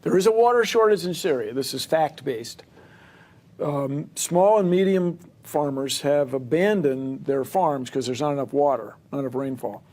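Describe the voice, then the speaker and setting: Earnest guy arguing science in a debate, slightly high voice, pushes hard on his points. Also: moderate pace, a little mellow. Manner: emphatic, earnest, arguing in long explanations. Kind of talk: debate and interview talk.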